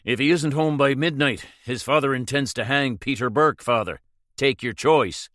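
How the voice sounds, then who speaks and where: A man voices a bold masked outlaw hero, raising his voice to give firm, urgent orders. His natural-sounding voice is mid-range, pitched above his own, and fairly bright, at normal speed. The studio-quality recording has no room sound.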